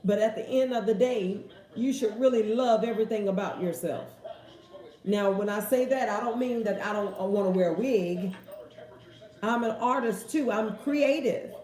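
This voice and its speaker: A woman's voice: medium pitch, normal speed, mellow. A woman hosting a casual question-and-answer talk, with an emphatic, preachy, folksy way of speaking. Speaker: host. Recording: echoey room.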